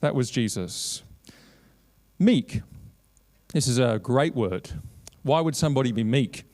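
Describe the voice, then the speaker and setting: A man giving a preached keynote at a conference, quoting scripture and building long repeated lists, swinging between raised, urgent lines and low, quiet asides. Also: lively intonation, a little slow. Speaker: Christian lobby director giving a keynote.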